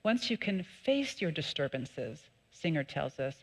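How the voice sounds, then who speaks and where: Measured woman minister giving a sermon. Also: low-pitched. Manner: calm, measured teaching with lively emphatic peaks. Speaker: associate minister. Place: church sanctuary.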